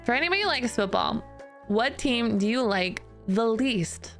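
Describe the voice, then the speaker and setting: A woman's voice: fairly high pitch, animated, fairly bright tone. Giggly chatty woman streamer over music. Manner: chatty, giggly, self-deprecating, quick restarts. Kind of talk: casual chat with stream chat.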